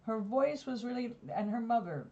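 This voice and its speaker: A New York woman vlogger chats casually in a loose, rambling way, digressing from one story to the next. Her slightly high voice is mellow and soft-edged, with lively intonation and a moderate pace. The recording sounds a little dull and lo-fi.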